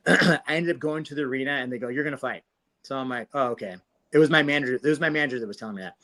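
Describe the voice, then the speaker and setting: Fast-talking man telling fight stories. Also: mid-range voice. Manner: profane, animated retelling with quoted dialogue. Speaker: podcast guest, former fighter. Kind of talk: casual interview storytelling.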